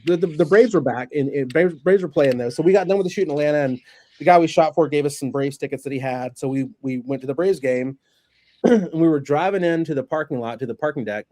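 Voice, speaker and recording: A man's voice: fairly high pitch, fast, dark tone, no room sound. A man hosting a casual podcast chat, an actor telling stories with lots of restarts. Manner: chatty, storytelling, many restarts.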